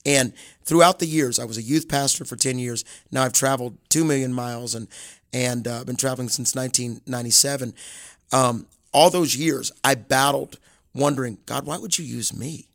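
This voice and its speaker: A man's voice: mid-range voice, steady tone, moderate pace, fairly bright tone, no room sound, clean studio sound. A middle-aged man from Alabama with a Southern American accent, telling his story earnestly and with many restarts as a guest in an interview. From Alabama, USA. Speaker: guest evangelist and author. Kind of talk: casual interview.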